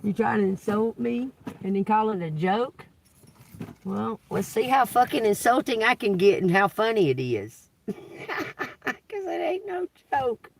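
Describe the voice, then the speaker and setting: On a livestream, a blunt, foul-mouthed woman tarot reader laughs a lot and preaches at her viewers as a group in casual talk. Her mid-range voice is creaky with lively intonation at a normal pace, captured far from the mic with slight hiss or hum.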